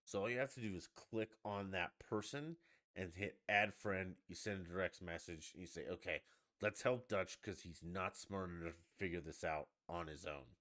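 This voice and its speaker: Deep-voiced ranting podcast man. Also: moderate pace. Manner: profane, ranting, animated outbursts. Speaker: podcast host. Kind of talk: casual livestream rant.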